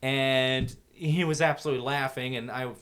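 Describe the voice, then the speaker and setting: A man's voice: medium pitch, moderate pace. A man, a haunt actor guest on a podcast, chatting casually and acting out scares with bursts of laughter. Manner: animated storyteller, acts out scares and screams, laughs often.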